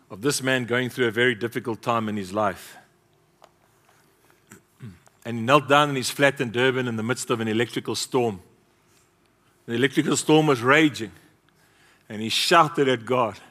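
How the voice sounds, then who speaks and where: Male pastor, mid-pitched, fervent sermon delivery, long hall reverb. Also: measured pace, pauses often. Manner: passionate, swings from loud exclamations to soft asides.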